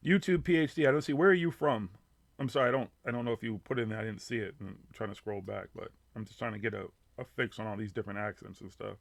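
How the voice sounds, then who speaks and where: A man's voice: on the low side, fast talker, gravelly, dry recording. A man with a Boston accent hosting a live radio talk show, chatting casually, swearing a lot and laughing often. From Boston area. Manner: profane, animated, laughing often.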